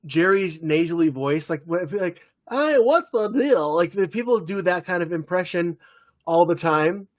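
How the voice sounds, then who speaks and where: A man co-hosting a podcast, relaxed and playful in casual chat. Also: a little high. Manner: relaxed, playful, does quick impressions. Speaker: podcast co-host.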